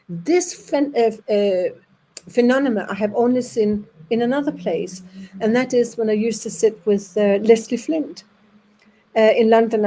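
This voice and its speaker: Danish woman storyteller, mellow husky voice, animated delivery that acts out the voices. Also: medium pitch, poor audio. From Denmark. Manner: lively, acts out voices in her anecdotes, with halting restarts. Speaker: speaker at an audience evening. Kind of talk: anecdotal storytelling to an audience.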